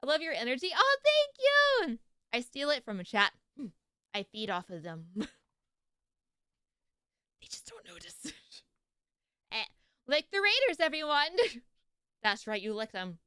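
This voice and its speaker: A bubbly young woman chats on her live stream, giggling and greeting viewers with a bright, clear, very lively voice. Her pitch sits a little high. The sound is close and dry. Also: unhurried, long pauses, no room sound. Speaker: streamer reacting to videos. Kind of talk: casual live-stream chat.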